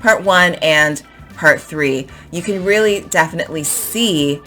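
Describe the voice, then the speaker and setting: A woman with a low-pitched voice teaches an English lesson, stressing words and repeating phrases to show how tone changes. Soft music plays faintly behind her. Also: a little slow. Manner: animated, emphatic, repeats phrases to model intonation. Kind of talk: explaining to camera in a lesson.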